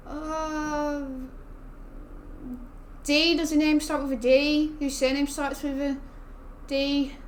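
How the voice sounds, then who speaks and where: A woman's voice: high-pitched, a little slow, pauses often, slight background noise. A young woman, chatting casually and rambling while she streams a game, laughing often. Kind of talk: casual gaming stream chat.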